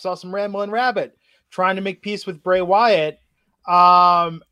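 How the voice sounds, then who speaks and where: A man's voice: high voice, a bit bright, no echo, clean studio sound. A man co-hosting a casual wrestling podcast, recapping the night's show with easy asides. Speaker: podcast co-host.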